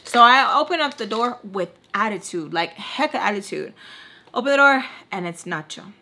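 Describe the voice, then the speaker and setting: Young female vlogger, bright voice, chatty storytime delivery with Spanish phrases slipped in. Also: mid-range voice, moderate pace. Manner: chatty, filler-heavy with "like", animated retelling. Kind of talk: casual storytime.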